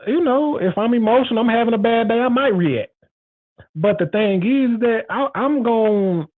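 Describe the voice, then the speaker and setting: A man with a high voice hosts his own show, speaking in a loose, frank casual monologue. He circles back and repeats himself for emphasis. The sound is thin and tinny, like a phone line. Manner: rambling, repetitive, frank and emphatic. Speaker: show host.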